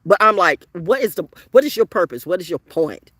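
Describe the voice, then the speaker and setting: A woman vlogger telling a story in an unscripted, profanity-laden rant, swinging between loud outbursts and hushed, low talk. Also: very animated, a little fast, no echo.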